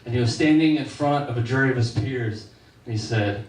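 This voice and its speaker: A man's voice: mid-range voice, brisk, a little mellow, far from the mic, slight background noise. A male stand-up comedian performing a set on a club stage, with a casual storytelling delivery. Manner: conversational, storytelling. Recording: echoey club room, slightly off-mic.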